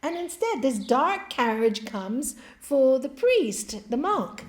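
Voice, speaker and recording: A woman with a fairly high voice gives an inspirational spiritual talk, telling stories and asking her audience questions. The sound carries the echo of a large hall. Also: sing-song, takes it slowly, hardly any pauses. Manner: warm storytelling, asks the audience questions. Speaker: spiritual speaker. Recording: echoey hall.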